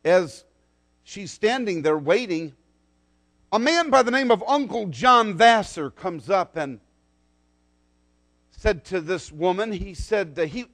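Man, preacher, high-pitched voice, dramatic sermon, swings loud to soft. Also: lively intonation, takes it slowly, long pauses.

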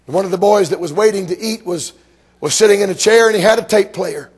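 A man from Georgia preaching a sermon, telling stories emphatically and rising to shouts. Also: sits high, fast, husky.

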